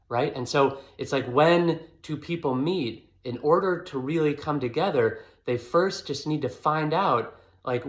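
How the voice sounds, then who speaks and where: A man's voice: mid-range voice, a bit bright. A man giving a casual, earnest devotional talk, rambling with many fillers as he encourages listeners. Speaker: Christian video host.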